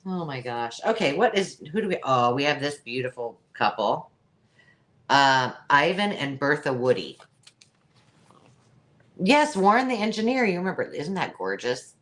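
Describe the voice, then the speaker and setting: A woman's voice: deep voice, big pitch swings, normal speed, a bit bright. A woman hosting a live online sale, chatty and jokey, laughing at her own remarks. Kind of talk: live-stream sales chat.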